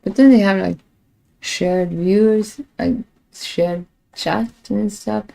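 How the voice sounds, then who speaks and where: A woman streaming live, musing aloud about her tech troubles in a slow, unhurried ramble. Her voice is dark and gravelly with plenty of fry. She keeps laughing at herself between complaints. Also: medium pitch, steady tone, low-quality recording. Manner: rambling, self-mocking, laughs often; frustrated with tech. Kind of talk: casual live-stream chat.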